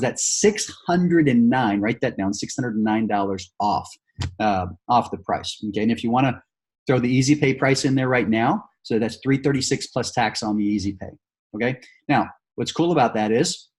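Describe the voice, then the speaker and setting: Running a sales training session, a man with a slightly husky, somewhat mellow voice alternates between coaching his team and role-playing a pitch to a customer. He sounds upbeat and encouraging, with lots of fillers and restarts.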